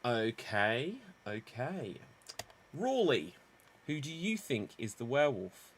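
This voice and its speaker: A man's voice: mid-range voice, sing-song, slow. A man hosting a live improv murder-mystery game, announcing rounds and calling votes in a theatrical manner. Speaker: improv show host.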